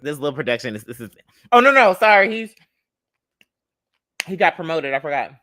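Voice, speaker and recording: A young man hosts his own livestream, talking straight to a close mic in a dry room. His delivery is sassy and chatty, with a bright, forceful tone and a voice that leaps all over its range. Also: on the high side, fairly quick, no room sound. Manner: animated, sassy, chatty, greets viewers. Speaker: livestream host. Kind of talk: casual livestream storytelling.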